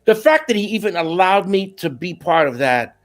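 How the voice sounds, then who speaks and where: A middle-aged man with a high-set voice tells stories as a guest in an interview. His pitch jumps all over as he talks. He keeps it casual and slangy, and he drops Spanish phrases in here and there. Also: moderate pace, faint music behind. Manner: animated, slangy, slips into Spanish. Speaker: musician guest.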